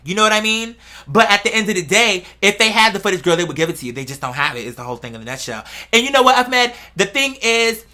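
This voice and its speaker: Bright-voiced woman ranting casually. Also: medium pitch, fast talker. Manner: profane, animated, rambling, addresses listeners as "girl". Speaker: podcast host. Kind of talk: casual monologue.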